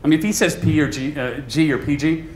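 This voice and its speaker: A man doing stand-up comedy for a live audience, chatty and animated, often laughing at his own jokes. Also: on the high side, fast. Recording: echoey room, audience laughter, noise.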